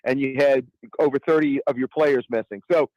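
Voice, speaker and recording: A man's voice: mid-range voice, steady tone, normal speed, a little mellow, no room sound, muffled recording. A man co-hosting sports radio in casual talk, often stumbling over restarts and cracking fan jokes. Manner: stammering restarts, joking fan banter.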